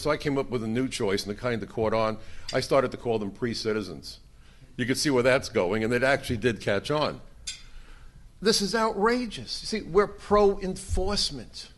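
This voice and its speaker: A man's voice: mid-range voice, lively intonation, moderate pace. An older man speaking to a conference audience, emphatic and fond of rhetorical questions. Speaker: conference speaker, former immigration agent. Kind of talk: conference speech to a live audience. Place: conference room.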